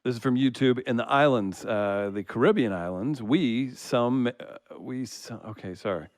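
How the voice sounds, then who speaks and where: A man's voice: medium pitch, normal speed, dry recording, clean studio sound. A man reading out listener comments on a casual comedy podcast, laughing easily and teasing the hosts.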